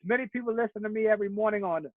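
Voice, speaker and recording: High-pitched motivational speaker, tinny audio. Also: male voice, rapid-fire, dry recording. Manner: storytelling, preacherly rhythm, rhymed slogans. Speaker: keynote speaker. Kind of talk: motivational keynote speech.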